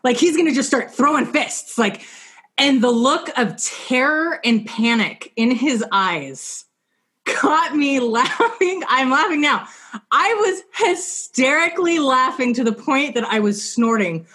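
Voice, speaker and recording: A woman co-hosting a podcast, chatting casually and telling an animated story, laughing often as she talks. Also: high voice, unhurried. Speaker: podcast co-host.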